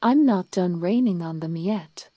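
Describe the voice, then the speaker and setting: A woman's voice: fairly low pitch, measured pace, mellow, breathy edge, dry recording. A woman voicing a grumpy little male storm cloud in a bedtime storybook, grumbling and sulky.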